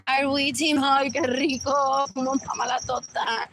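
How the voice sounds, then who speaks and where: A woman's voice: high voice, steady tone, moderate pace, hardly any pauses. A woman livestreaming a meandering monologue, repeating herself and switching between English and Spanish, apparently while waiting for a bus. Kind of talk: rambling live-stream monologue. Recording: loud street noise with passing vehicles.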